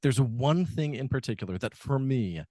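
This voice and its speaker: A podcast co-host talks through a film in casual, rambling chat, full of fillers and restarts. His mellow, medium-pitched voice has lively intonation and a moderate pace, recorded cleanly in a studio with no room sound.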